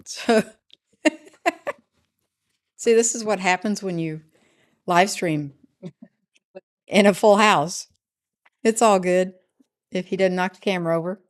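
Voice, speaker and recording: This is a middle-aged woman with a voice sitting a little low. She runs a casual livestream from home and rambles through viewers' comments in an easygoing, chatty way. She often tags her sentences with "right?". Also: slow pace, pauses often. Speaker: livestream host reading chat.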